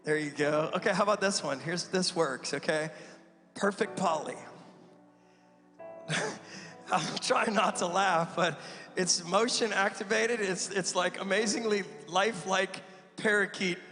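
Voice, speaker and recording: A man preaching a sermon as pastor, in an animated, joking way with asides to the congregation. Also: high-pitched, unhurried, pauses often. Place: church sanctuary. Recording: long hall reverb with faint music.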